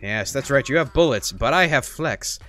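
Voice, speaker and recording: A man's voice: medium pitch, animated, normal speed, a bit bright, faint music behind. A man hosting a gaming channel, giving playful, joking gameplay commentary in a chatty way.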